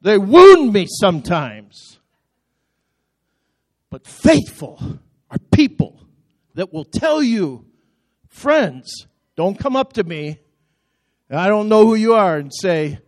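A middle-aged man preaching with a high, ringing voice. He drives his sermon with passion and calls the congregation to answer him back. The sound is close and dry. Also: lively intonation, unhurried, pauses often, no echo. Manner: impassioned, building to shouted call-and-response. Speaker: pastor. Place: church auditorium.

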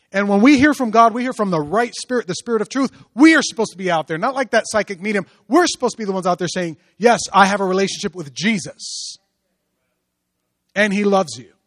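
A male pastor preaching a sermon, moving from hushed storytelling to loud, rising exhortation. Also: fairly high pitch, dry recording.

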